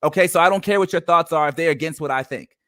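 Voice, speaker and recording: A man's voice: a little high, fast talker, dry recording, clean studio sound. A man co-hosting a faith-based podcast discussion, talking in an emphatic, preaching-like way. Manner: animated, emphatic preaching-like delivery. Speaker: podcast co-host.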